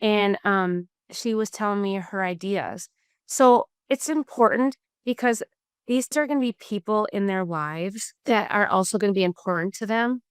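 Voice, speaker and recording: Middle-aged woman, co-host, clear smooth voice, earnest and animated. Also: mid-range voice, normal speed, no echo, studio quality. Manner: earnest, animated storytelling with "um" fillers. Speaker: podcast co-host. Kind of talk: casual faith-based chat.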